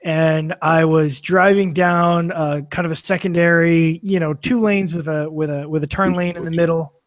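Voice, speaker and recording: High-voiced man telling a rambling story. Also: fairly even intonation, moderate pace, dry recording, studio quality. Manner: rambling anecdote with many fillers and restarts, swearing, laughing through it. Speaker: podcast guest or co-host. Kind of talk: casual storytelling on a podcast. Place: studio filmed for video.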